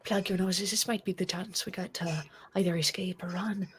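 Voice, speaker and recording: A woman's voice: lowish voice, steady tone, normal speed, a little hiss or hum. A woman playing a tabletop game, casually chatting and sometimes whispering her character's plans. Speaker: player.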